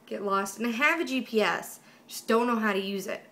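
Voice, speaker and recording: A woman's voice: on the high side, a little fast, fairly bright tone. A young woman vlogging casually at home by a white wall, chatty and rambling with giggles and free swearing, recorded on a camera mic. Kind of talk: casual vlog chat.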